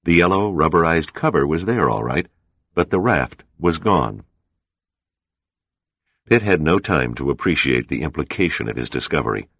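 A man reading a thriller novel aloud in a steady, measured way as an audiobook narrator. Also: very deep voice, vocal fry, no room sound. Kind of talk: scripted narration.

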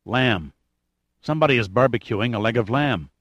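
Guy doing a calm bossy lead man in an audiobook, terse, a little dry humor, dead dry mic. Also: mid-range voice, moderate pace, no echo. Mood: low, terse. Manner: terse, commanding, dry wit. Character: Pitt, adult man, cool commanding leader.

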